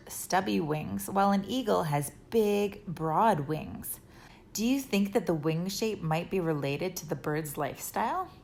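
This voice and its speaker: A woman with a lowish voice narrates a children's lesson. She speaks calmly and keeps putting questions to her young audience. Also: slight background noise. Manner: calm, asks children questions. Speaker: educator.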